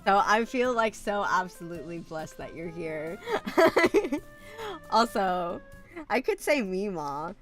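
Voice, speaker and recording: Slow-talking woman streamer with a cough. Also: medium pitch, very animated, soft background music. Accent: light American country. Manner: chatty, laughs often, blunt. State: sick with a cough. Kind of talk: casual live-stream chat.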